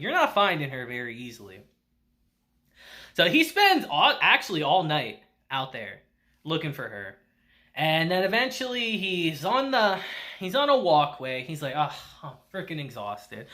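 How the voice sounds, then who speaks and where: A man's voice: high voice, pushed and bright. A man reviewing an anime episode in a casual chat, retelling scenes with quoted lines, laughing often and swearing now and then.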